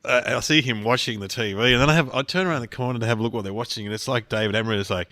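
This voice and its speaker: A man's voice: mid-range voice, racing, no echo. A middle-aged man, a comedian co-hosting a podcast, telling stories in casual chat and acting out the people in them. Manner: animated storytelling with quoted voices.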